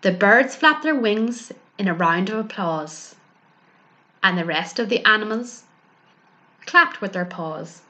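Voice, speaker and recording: A librarian reading a rhyming picture book aloud for children. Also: female voice, mid-range voice, lively intonation, slow pace, pushed and bright, lo-fi sound. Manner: rhythmic rhyming delivery. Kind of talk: storybook read-aloud for children.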